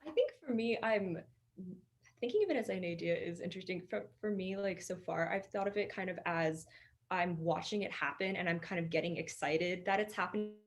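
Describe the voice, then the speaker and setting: A young woman music student answering questions in a masterclass, soft-spoken and hesitant, with nervous laughs between her words. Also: on the low side, a little fast. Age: young adult.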